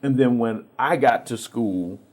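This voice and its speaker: A man telling stories on a TV interview show. He speaks at a middle pitch and brings the people he quotes to life as he goes. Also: a little slow. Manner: relaxed storyteller acting out quoted voices, with frequent restarts. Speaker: guest. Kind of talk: storytelling in a TV interview.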